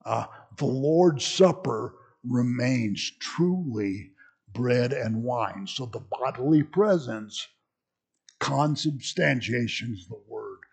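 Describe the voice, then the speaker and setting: Slow, gravelly-voiced man lecturing. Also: mid-range voice, lively intonation, darkish tone. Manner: conversational, many fillers and restarts. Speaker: church history teacher. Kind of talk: classroom lecture.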